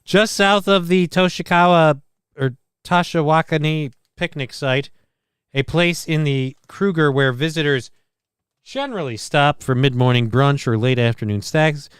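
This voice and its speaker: A man's voice: fairly high pitch, unhurried, fairly bright tone, clean tone, dry recording. A man hosting a live stream, reacting to videos with sardonic, profane jokes. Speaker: show host.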